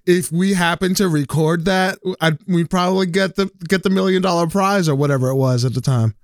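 A man's voice: sits high, brisk, no echo. Young guy podcast host, rambly, lots of restarts and laughing, dry sound. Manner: rambling, many restarts, laughs through his story. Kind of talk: casual chat, telling a funny story.

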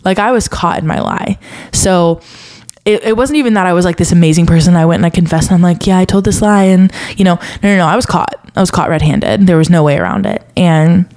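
A woman's voice: lowish voice, a little fast, a little mellow. Young woman on her podcast, earnest confessional faith talk, gets a bit emotional. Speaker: podcast host.

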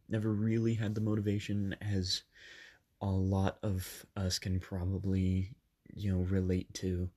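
A slightly sick man in his twenties hosts a podcast from a bedroom padded with soft things, telling his story casually with plenty of ums and self-corrections. His voice is lowish.

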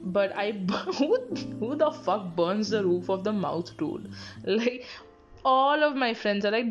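A woman's voice: mid-range voice, lively intonation, takes it slowly. Young indian english woman from bangalore rambling on her podcast, laughing and cursing, muffled lo-fi sound with music playing under. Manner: laughing often, swearing, chatty storytelling. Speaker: podcast host. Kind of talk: casual solo podcast chat.

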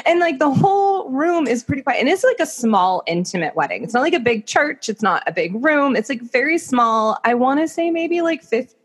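A woman co-hosting a podcast in casual chat, telling stories in an animated way with many fillers. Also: sits high, brisk, few pauses. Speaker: podcast co-host.

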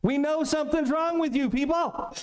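A man's voice: very high voice, moderate pace. A male pastor preaching a sermon in a small-town church, conversational and joking, with plenty of rhetorical questions.

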